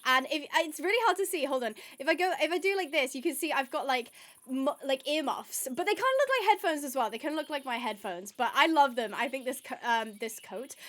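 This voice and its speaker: High-voiced excitable woman gaming host. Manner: excitable and chatty, gasping with delight. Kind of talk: casual gameplay commentary.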